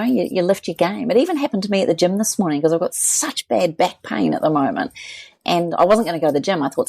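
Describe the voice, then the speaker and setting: A woman co-hosting a casual podcast chat, talking earnestly at length and acting out quoted remarks in lively voices. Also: deep voice, vocal fry, no echo. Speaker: podcast co-host.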